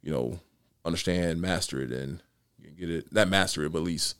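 Deep low voice guy, a judge, rambling chat with lots of "you know", dry close sound. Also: moderate pace, fairly bright tone, clear, resonant tone, no echo. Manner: rambling, many restarts and "you know" fillers. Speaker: county court judge, guest. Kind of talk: casual podcast conversation.

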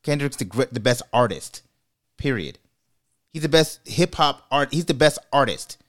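A man hosting a casual podcast, giving his opinions in a measured way and slowing down to stress his points. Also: medium pitch, animated, fairly bright tone. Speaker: podcast host. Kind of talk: casual chat, opinion commentary.

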